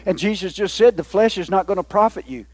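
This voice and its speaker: A man's voice: high voice, lively intonation, fast, darkish tone, dry recording. A man preaching a sermon as a pastor, folksy and joking with the congregation.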